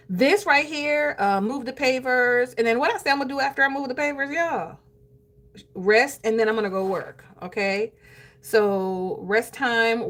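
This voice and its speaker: A woman's voice: medium pitch, fairly bright tone, a little hiss or hum. A woman chatting casually with her viewers while planning her day, calling them "y'all" and laughing easily. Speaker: planner vlogger. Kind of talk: casual live-stream chat.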